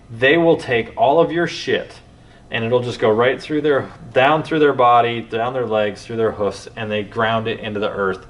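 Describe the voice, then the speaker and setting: A man hosting a podcast, telling stories in a rambling, animated way with many restarts. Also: medium pitch. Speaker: podcast host. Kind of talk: casual conversation. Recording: distant mic with faint background noise.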